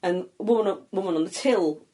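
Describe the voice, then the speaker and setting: A woman's voice: mid-range voice, brisk. A woman, a comedian telling stories in a casual podcast chat, swearing freely and acting out quotes. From Scotland. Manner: swearing, animated storytelling with shouted quotes. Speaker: comedian guest.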